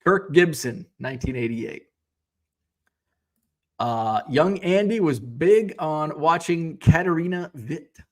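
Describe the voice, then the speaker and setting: Chatty middle-aged man hosting a live show. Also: on the high side. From United States. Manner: rambling, chatty, tangents and self-corrections. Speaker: live show host reading viewer chat. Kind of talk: casual live-stream chat.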